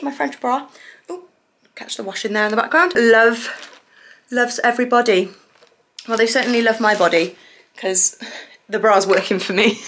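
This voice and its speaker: A young woman chatting casually to a handheld phone camera at home, gushing and excitable as a family vlogger. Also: mid-range voice, a little hiss or hum. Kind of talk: casual vlog chat to camera.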